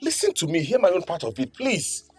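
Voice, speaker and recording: A man's voice: high-pitched, wildly swooping pitch, a little fast, breathy edge, soft background music, exaggerated voice. An actor with a Nigerian accent playing a young man who pleads and then defies his parents over an arranged marriage. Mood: pleading. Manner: pleading, breaking into shouts.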